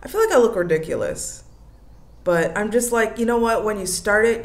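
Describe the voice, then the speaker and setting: A woman's voice: medium pitch, normal speed. Chatty woman hosting a solo podcast. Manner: animated and chatty, many likes and you-knows, laughing often. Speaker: podcast host. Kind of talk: casual solo podcast chat.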